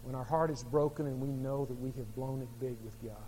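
A man preaching a sermon as pastor, telling a story dramatically, with sharp swings between soft and loud. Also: mid-range voice, fairly even intonation, a little fast, a little hiss or hum. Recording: long hall reverb.

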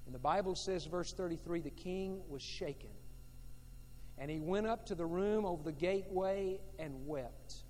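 A male pastor delivers a sermon in a high voice. He is emphatic and repeats his points, moving between loud and quiet. The long reverb of a large church hall trails every phrase. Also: moderate pace, a little hiss or hum. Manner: emphatic and repetitive, swinging between loud and hushed.

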